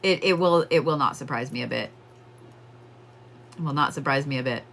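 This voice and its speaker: A woman's voice: low-pitched, expressive, normal speed, pauses often, bright, forceful tone. A woman giving casual psychic readings on a livestream, chatting with viewers and laughing often.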